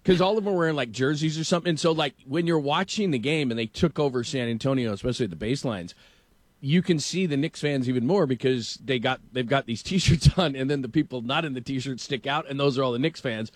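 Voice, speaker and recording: A man hosting a sports talk show, telling rambling, animated stories in casual chat. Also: medium pitch, fast talker, dry recording. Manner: rambling storyteller, animated anecdotes.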